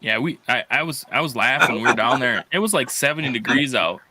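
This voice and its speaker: A man from Wisconsin in casual chat, telling animated stories and acting out quotes. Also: a little fast, very noisy. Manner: animated, acts out quotes in high voices.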